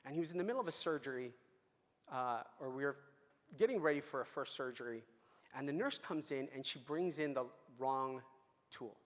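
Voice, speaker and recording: In a large, reverberant conference hall, a middle-aged man with a medium-pitched voice gives a talk. He speaks animatedly at a normal pace, telling a story conversationally with fillers and restarts.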